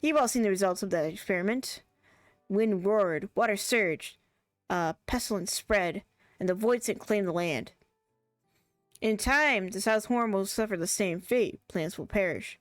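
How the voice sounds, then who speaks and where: A woman's voice: mid-range voice, a little slow, dry recording, natural voice. An earnest ancient guardian recounts a dire warning with grave, dramatic delivery, as a woman streamer reads her lines aloud. The voice is close and dry, with faint game music behind it. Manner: dramatic game-dialogue reading. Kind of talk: reading game dialogue aloud.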